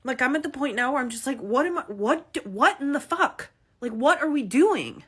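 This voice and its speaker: A woman's voice: high voice, animated, brisk, breathy edge. Tearful exasperated woman in her thirties. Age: 30s. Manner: exasperated, swearing, rising to near shouts. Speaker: working mother. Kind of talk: emotional rant to camera.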